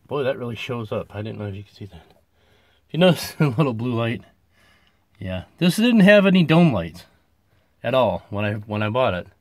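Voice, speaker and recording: A man's voice: lowish voice, fast talker, no room sound. Breathless middle-aged man giving a casual van tour. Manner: folksy, plainspoken, chuckles often. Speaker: vlogger touring his camper van. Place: inside a small camper van.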